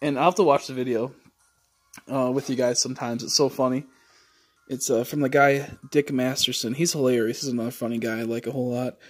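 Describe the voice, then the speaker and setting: A man's voice: medium pitch, steady tone, fairly quick, faint music behind. A man livestreaming, chatting casually and rambling with many fillers and casual swearing.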